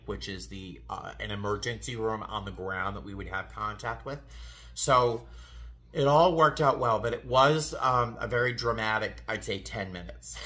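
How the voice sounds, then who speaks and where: A man with a bright, forceful voice tells a story in a relaxed vlog style. He talks in an animated way, restarting sentences and laughing at himself. He sounds like a flight attendant chatting to his viewers. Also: on the low side.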